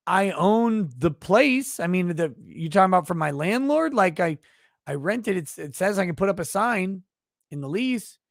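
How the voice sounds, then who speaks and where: A man's voice: high-pitched, lively intonation, normal speed, creaky, dry recording, studio quality. A man hosting a live stream, ranting sarcastically with plenty of profanity and rambling asides. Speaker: host.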